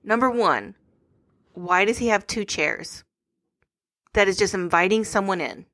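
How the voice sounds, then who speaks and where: A woman's voice: mid-range voice, a bit bright. A woman co-hosting a podcast, chatting casually and teasing her co-host about a movie. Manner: teasing, quick to argue. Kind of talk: casual chat recapping a movie.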